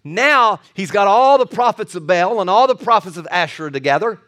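A male pastor preaching a sermon, telling a Bible story with animated, acted-out quotes. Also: sits high, a little fast.

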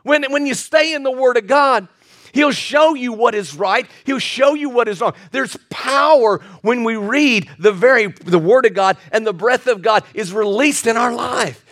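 A middle-aged male pastor preaching a sermon in an earnest storytelling way, stumbling and repeating words when excited. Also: very high voice, moderate pace.

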